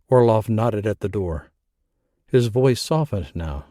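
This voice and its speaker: A man in measured scripted narration of an audiobook thriller. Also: medium pitch, no echo, clean studio sound. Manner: measured, even storytelling.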